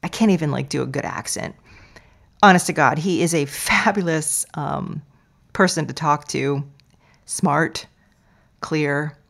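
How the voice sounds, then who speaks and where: A woman hosting a podcast, talking in a playful, expressive way and sometimes dropping to a soft near-whisper. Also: sits low, unhurried, creaky, long pauses. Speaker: podcast host. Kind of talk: podcast intro monologue.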